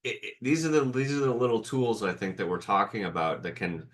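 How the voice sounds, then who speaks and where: Male podcast co-host, low voice, easygoing and supportive. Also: animated, a little fast. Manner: supportive listener, frequent short affirmations. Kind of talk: casual chat.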